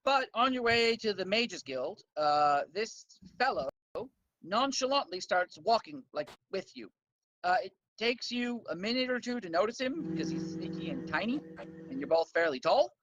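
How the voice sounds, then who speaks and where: A woman's voice: mid-range voice, expressive, normal speed, muffled recording. A woman narrating as dungeon master in a laid-back way, laughing and using lots of fillers. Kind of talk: narrating a tabletop game.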